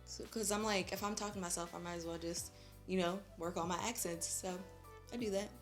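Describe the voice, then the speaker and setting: A woman's voice: fairly low pitch, steady tone, brisk, soft background music. A young woman chatting in a casual vlog while doing her makeup, chatty and slangy and laughing often. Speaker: beauty vlogger.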